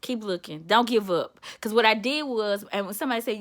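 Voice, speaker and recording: A woman's voice: mid-range voice, a little fast, fairly bright tone. A woman motivator telling a personal story in a candid, chatty vlog, calling the listener honey and baby. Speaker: self-described motivator.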